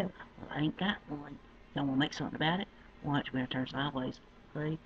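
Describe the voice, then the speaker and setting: A woman rambling to her webcam, drawling and swinging from low mutters to loud squeals. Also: fairly quick, a little hiss or hum. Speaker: webcam vlogger. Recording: dull lo-fi webcam audio.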